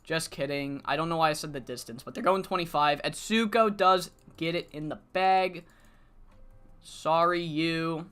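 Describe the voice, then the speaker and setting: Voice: mid-range voice, normal speed, a bit bright, clear, resonant tone. A streamer booking matches in a wrestling management game, rambling to himself and chat and swearing freely. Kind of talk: casual live-stream commentary.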